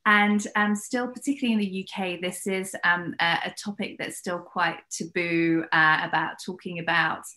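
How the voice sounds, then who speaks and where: A woman's voice: lowish voice, steady tone, normal speed, hardly any pauses, pushed and bright. A woman interviewing a guest, framing her questions with hesitant, encouraging phrasing.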